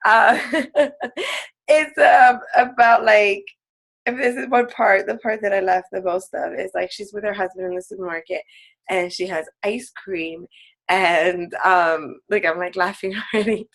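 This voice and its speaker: A woman's voice: mid-range voice, steady tone, measured pace, gravelly, fairly bright tone. A woman fitness coach, a guest on a team call, talking casually with lots of "like" fillers and frequent laughs. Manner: chatty, full of "like" fillers, laughs often.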